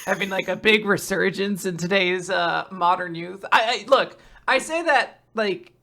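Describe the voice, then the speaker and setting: A woman's voice: mid-range voice, measured pace, sharp tone. A woman co-hosting a podcast, rambling in casual chat and swearing freely. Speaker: podcast co-host.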